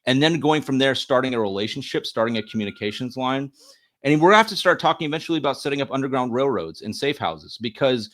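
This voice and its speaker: A podcast co-host talks earnestly and emphatically in a casual political discussion, often repeating words as he thinks. His medium-pitched voice is expressive, fast, and fairly bright.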